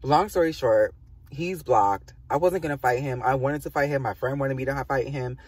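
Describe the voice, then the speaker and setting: A young man casually telling a storytime on his vlog, animated and swearing a lot, with many "like" fillers. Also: medium pitch, moderate pace, husky, dry recording, recorded from a distance. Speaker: vlogger.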